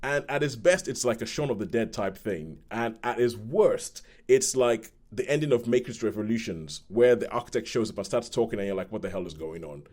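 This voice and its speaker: A man reviewing a film on a podcast in casual chat, retelling the story in a rambling, animated way. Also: medium pitch, normal speed, few pauses.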